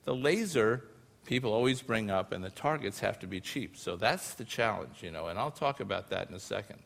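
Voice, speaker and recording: A man with a somewhat low voice gives a public science lecture to a live audience. He explains things in a loose, conversational way, checking in with tag questions as he goes. The sound carries a long reverb from a large hall. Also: animated, fairly quick, gravelly, background noise. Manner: casual and explanatory, often using filler phrases and tag questions. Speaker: lecturer presenting research.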